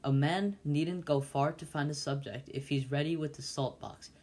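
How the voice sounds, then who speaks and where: A man's voice: fairly high pitch, normal speed, darkish tone. A man voicing a pompous, self-satisfied older uncle who lectures a boy at the dinner table, in a storybook reading. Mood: lecturing. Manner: lecturing, bossy.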